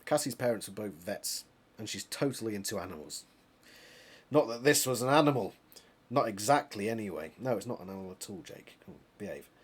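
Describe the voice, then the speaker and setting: Husky british man reading aloud. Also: on the low side, animated, fairly quick. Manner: chatty, laughing asides and self-corrections. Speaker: reader of a book series. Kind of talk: reading a novel aloud with commentary.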